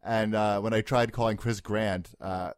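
A young man co-hosting a casual podcast chat, relaxed and joking, laughing often. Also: lowish voice, normal speed, clean tone, no room sound, clean studio sound. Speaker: podcast co-host.

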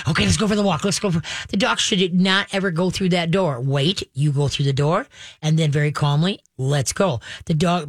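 A woman veterinarian hosting a radio advice show, chatting loosely with plenty of "you know" and "okay". She jumps into quick little voices to act out excited owners. The sound is dry and close, with no room around it. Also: deep voice, dry recording. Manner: animated, acts out dog owners in quick voices. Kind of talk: casual advice talk.

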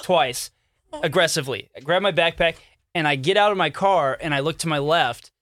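Casting: male podcast co-host, brightish slightly high voice, dry close studio sound, rambling storyteller. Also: normal speed, dry recording. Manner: rambling storyteller, laughs often. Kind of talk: casual chat.

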